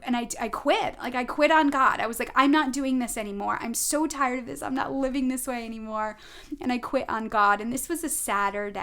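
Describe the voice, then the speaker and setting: A woman's voice: on the high side, fairly bright tone. A middle-aged woman, a spiritual advisor, talking earnestly to viewers in a casual storytelling way, often checking in with "right?". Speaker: spiritual advisor giving a tarot reading.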